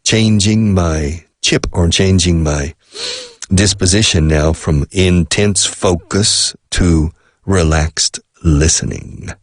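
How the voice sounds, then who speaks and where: A man's voice: low voice, takes it slowly, dry recording, clean studio sound. A middle-aged man hosting a radio show and teaching English, chatting casually, dropping in phrases and laughing often. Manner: chatty, mixes Spanish glosses, laughs often.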